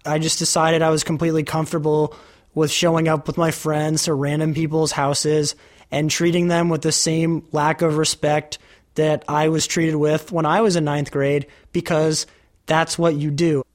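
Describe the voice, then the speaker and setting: A man's voice: a little high, little pitch movement, normal speed. A young man in his late teens, speaking casually in an interview, chatty and full of "like" fillers.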